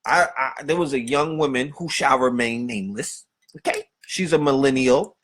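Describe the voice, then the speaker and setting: A man's voice: medium pitch, normal speed, fairly bright tone. A man hosting a podcast, delivering a profane, streetwise rant full of rhetorical questions. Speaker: podcast host. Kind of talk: unscripted monologue.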